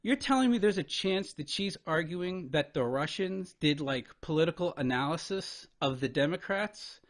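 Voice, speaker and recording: A man's voice: a little high, animated. A man giving a profane, incredulous commentary as he reacts to a debate clip, swearing and venting in disbelief. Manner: exasperated, incredulous, swearing, talks over paused clips.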